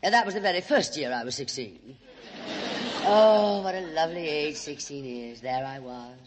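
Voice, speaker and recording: A woman's voice: low voice, expressive, moderate pace, in a large hall, noisy background. Theatrical Southern-accented woman hosting radio. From Alabama. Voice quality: theatrical, drawling, calls everyone darling. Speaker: radio show host. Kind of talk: comedy monologue.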